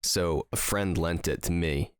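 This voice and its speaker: Low-voiced guy on a podcast, rambly storyteller, lots of likes and ums, dry close mic. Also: a little slow, clear, resonant tone, no room sound. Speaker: podcast co-host. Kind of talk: casual chat.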